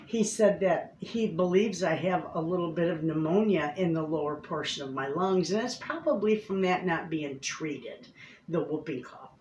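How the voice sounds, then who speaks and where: A woman's voice: on the low side, darkish tone, echoey room, slight background noise, rough recording. A woman homestead vlogger chatting casually to the camera from her home, calling her viewers friends. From Michigan, USA.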